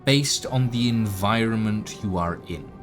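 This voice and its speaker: A man narrating a tabletop game as game master, relaxed, with frequent fillers. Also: lowish voice, unhurried. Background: background music.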